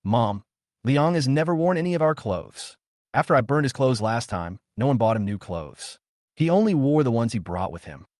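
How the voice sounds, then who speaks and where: A man's voice: mid-range voice, big pitch swings, normal speed, a little mellow, no room sound, clean studio sound, close to an everyday voice. A man voicing an anxious, earnest young woman who pleads with her parents. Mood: pleading. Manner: pleading, urgent, trembling.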